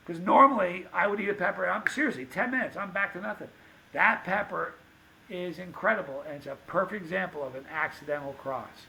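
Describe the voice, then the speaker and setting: A man telling stories on a podcast, animated and acting out the dialogue of the people in them. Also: high voice, brisk, creaky, slight background noise, poor audio. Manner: animated anecdote-teller, acts out quoted dialogue. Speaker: podcast guest, pepper show host. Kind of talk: casual storytelling.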